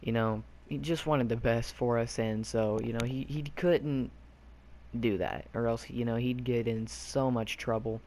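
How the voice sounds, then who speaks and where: A man's voice: mid-range voice, fairly even intonation, measured pace, a little mellow, a little hiss or hum. A young man from Arkansas telling a childhood story casually, rambling with lots of fillers and loose slang. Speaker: YouTube storyteller.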